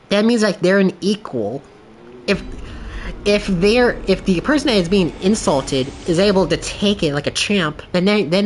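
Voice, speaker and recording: A man chatting off the cuff during a game stream. He rambles through loose, filler-packed thoughts and laughs between them. He slips into quick voices when he retells a clip. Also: high voice, slight background noise. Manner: animated storytelling with quoted voices. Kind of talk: casual livestream chat.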